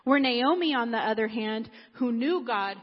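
A woman giving an earnest, emotional sermon testimony, telling her story with emphatic pauses. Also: a little high, animated, husky. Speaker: preacher. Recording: dull sound with long hall reverb.

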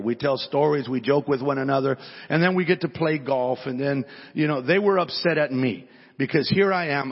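A male pastor telling a story in his sermon, in a conversational way that often repeats words at the start of sentences. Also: fairly high pitch. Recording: dull sound with long hall reverb.

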